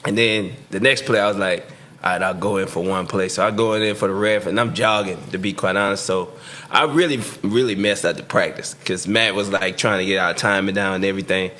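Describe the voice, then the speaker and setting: A man's voice: low voice, steady tone, brisk, bright, forceful tone, slight background noise. A man, a former football player, casually telling a long story on a sports talk show and acting out the quoted lines. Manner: laid-back storyteller who acts out quotes, laughing as he talks.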